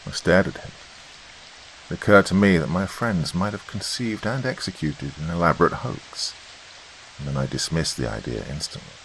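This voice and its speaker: Deep-voiced man narrating a horror podcast. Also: creaky, slight background noise, poor audio. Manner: expressive, measured storytelling. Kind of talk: dramatic storytelling narration.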